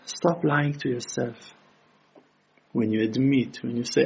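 A man's voice: medium pitch, steady tone, moderate pace, slightly rough. A man giving an impassioned sermon as a religious teacher, building to emphatic peaks. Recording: dull lo-fi recording.

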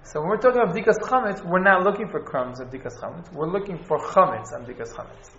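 A man teaching an informal class on Jewish law, halting and restarting as he explains. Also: high-pitched, animated, bright, forceful tone. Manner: halting, restarts, Hebrew and Yiddish terms. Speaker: Torah teacher. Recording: echoey, dull room recording.

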